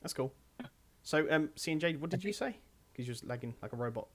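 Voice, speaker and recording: A man's voice: on the high side, lively intonation, fast talker, a little hiss or hum. A man hosting a casual online podcast, rambling and correcting himself as he chats and chuckles. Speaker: podcast host. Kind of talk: casual chat.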